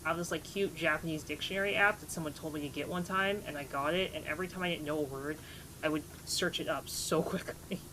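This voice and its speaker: A young woman streamer talks to her chat in a relaxed, rambling way, laughing at herself as she goes. Her voice sits a little low for a woman. A faint hiss of background noise runs under the desk mic. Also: fast talker. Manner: chatty, laughs at herself, greets chat warmly. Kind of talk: casual live-stream chat.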